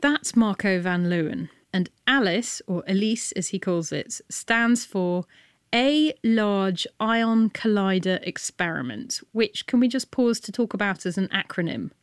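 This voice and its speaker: A woman presents a science radio show with a chatty, playful manner, dropping quick asides as she goes. Her voice is close and dry, with no room around it. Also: medium pitch, expressive, no room sound.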